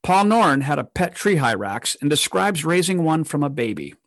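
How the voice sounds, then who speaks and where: A man reading a scripted narration in an even tone. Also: fairly high pitch, moderate pace, dry recording.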